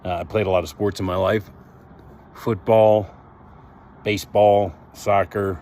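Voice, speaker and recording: A man in his fifties and former rugby player reading a memorial tribute from his notes, halting and full of ums and uhs. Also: fairly low pitch, flat delivery, darkish tone, a little hiss or hum.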